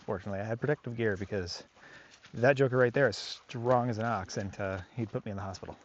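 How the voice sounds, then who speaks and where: Low-voiced man rambling outdoors. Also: fast, muffled recording, slight background noise. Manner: rambling and reflective, with many fillers. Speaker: dog trainer. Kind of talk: casual talk to camera. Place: outdoors on a park walk.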